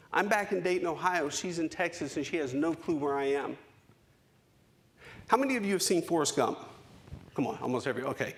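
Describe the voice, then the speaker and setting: A man in his forties giving a keynote speech, telling a personal story with dramatic pauses and emphasis. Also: on the high side. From United States. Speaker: keynote speaker. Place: conference hall stage.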